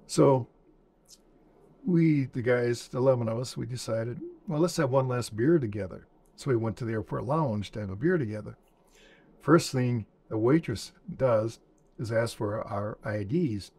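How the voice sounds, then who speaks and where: A man's voice: medium pitch, normal speed, a little mellow. A man in his seventies, a veteran interviewee, recounting war memories in a plainspoken storytelling manner and acting out old dialogue. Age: 70s.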